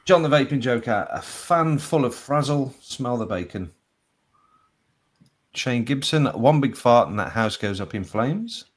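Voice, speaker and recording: A man's voice: mid-range voice, sing-song, a little slow. A man hosting a live show, reading out viewer captions and laughing often between them. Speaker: host.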